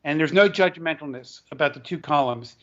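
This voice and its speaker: A man, an author and educator, tells a long story as an interview guest, halting often and restarting his words. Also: fairly high pitch, fairly bright tone. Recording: dull lo-fi recording.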